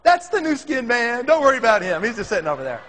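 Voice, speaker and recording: A man voicing an older, homey grandmother, raising his voice high and drawing out her words. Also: very animated, quick pace, a bit bright, a little hiss or hum. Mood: chatty. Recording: long reverb in a hall.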